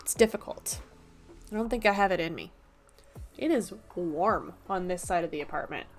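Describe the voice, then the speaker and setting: A woman's voice: fairly low pitch, expressive, moderate pace, soft background music. A young woman streaming from her apartment desk, chatting casually with a playful, self-mocking manner. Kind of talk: casual live-stream chat.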